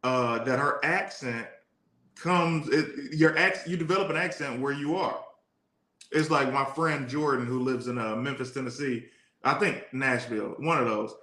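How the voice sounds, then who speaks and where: Bright-voiced easygoing man co-host. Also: medium pitch, moderate pace. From Detroit. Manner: easygoing, rambling storyteller. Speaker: podcast co-host. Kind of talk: casual live-stream chat. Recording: echoey room.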